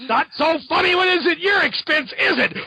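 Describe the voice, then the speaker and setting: A man's voice: very high-pitched, animated, normal speed, gravelly, no room sound, pitched above the performer's own voice, heavily acted. A man acting out a brutal, gloating male superhero who taunts the people he beats up. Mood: taunting. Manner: shouting, taunting.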